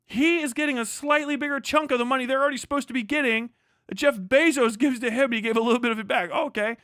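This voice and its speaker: A young man with a high, bright, sharp voice rants on a live stream. He swears constantly and sounds heated and mocking. The sound is close and dry. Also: animated, fairly quick, no room sound. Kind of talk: profane ranting commentary on a live stream.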